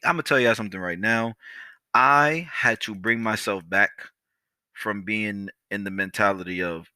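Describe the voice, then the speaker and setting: A young man hosting a podcast, telling a story in a casual, animated, profane way and talking straight to his listeners. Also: fairly low pitch, normal speed, smooth, dry recording. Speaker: podcast host.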